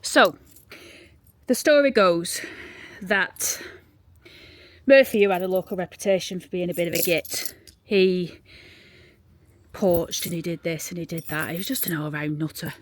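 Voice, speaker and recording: A woman with a Yorkshire accent telling a local true-crime story in a chatty, rambling way while walking through a churchyard, sometimes dropping to a hushed near-whisper. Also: lowish voice, unhurried, long pauses, no echo. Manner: chatty and rambling, drops to a hushed whisper when showing graves. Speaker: vlogger and graveyard guide. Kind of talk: casual storytelling walk-through. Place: outdoors in a churchyard.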